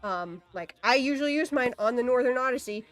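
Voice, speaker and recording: A woman's voice: on the high side, lively intonation, a little fast, soft background music. A woman livestreaming in casual, rambling chat, swearing easily and saying "like" a lot.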